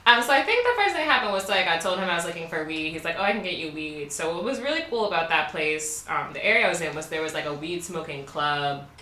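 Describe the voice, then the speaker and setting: A podcast co-host in her twenties tells a travel story in casual conversation, candid, laughing and using lots of fillers. Her lowish voice is expressive and sharp, moving fast with few pauses. The sound is roomy, as if she's a bit far from the mic.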